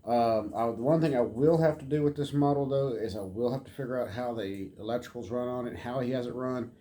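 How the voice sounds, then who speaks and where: A man in a relaxed, rambling home vlog, showing off a model train car and talking to his dog now and then. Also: mid-range voice, a little fast. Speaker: model train hobbyist vlogger. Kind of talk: casual show-and-tell vlog.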